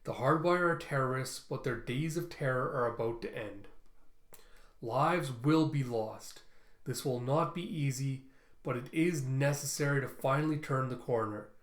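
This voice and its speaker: Brief: man voicing a commanding general, measured and solemn, roomy echo. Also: mid-range voice, close to an everyday voice. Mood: rallying speech. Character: commanding older male general, grave and ruthless.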